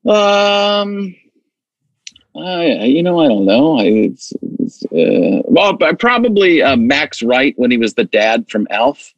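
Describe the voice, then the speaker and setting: A man talking casually as an interview guest, animated and full of restarts. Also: medium pitch, slow, gravelly, dry recording, muffled recording. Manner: animated, stammering restarts, acts out voices. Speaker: impressionist guest.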